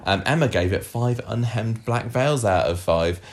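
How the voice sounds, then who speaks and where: Reading listener messages aloud, a lively podcast co-host cracks jokes in a casual conversation. He has a voice on the low side and a moderate pace.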